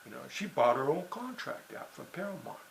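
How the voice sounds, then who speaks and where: A man's voice: mid-range voice, very animated, fairly quick, vocal fry, rough recording. A man talking in a rambling, digressive monologue, full of "you know" and "see" and restarts. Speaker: writer and blogger.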